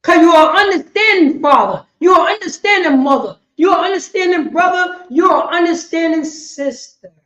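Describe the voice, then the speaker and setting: A woman, teaching a class in a preaching style, emphatic and repetitive, swinging between loud bursts and quiet asides. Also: very high-pitched, normal speed, hardly any pauses. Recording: echoey room, muffled lo-fi sound.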